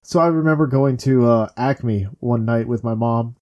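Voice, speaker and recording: A young man chatting casually, telling a story with lively acted-out quotes. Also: medium pitch, moderate pace, dull audio. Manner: animated storyteller acting out quotes. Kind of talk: casual chat.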